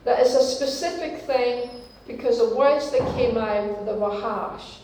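Woman giving a sermon, slow and steady, mellow voice, heard far off in a big echoey room. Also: a little high, slight background noise. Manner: slow, deliberate teaching with repeated phrases. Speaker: preacher.

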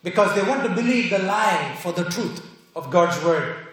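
A man preaching a sermon in a very high, lively voice that swoops up and down as he drives home each point. He hammers rhetorical questions and repeats them for weight. The sound rings around a strongly echoing church hall. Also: normal speed. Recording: very echoey hall.

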